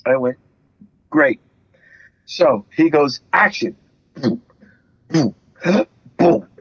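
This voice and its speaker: A man's voice: medium pitch, drawn-out words, husky, no room sound, lo-fi sound. A man in his sixties, an actor and interview guest, telling anecdotes, acting out the voices of the people in his stories and laughing often. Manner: animated storyteller acting out quotes, laughs often. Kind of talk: anecdotal storytelling.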